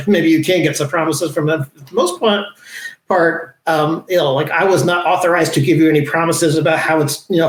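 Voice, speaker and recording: A man with a somewhat high voice talks in a loose, halting way, stopping and restarting his thoughts with lots of fillers. He sounds like a podcast guest in a casual chat. His voice rings in an echoey room. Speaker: podcast guest, former business reporter.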